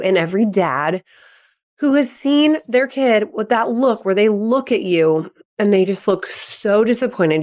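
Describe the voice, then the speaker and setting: Expressive woman coach hosting her own podcast, thirties, chatty and encouraging, medium pitch. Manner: upbeat, expressive, acts out quotes in a higher voice. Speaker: podcast host and sports psychology coach. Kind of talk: conversational podcast advice.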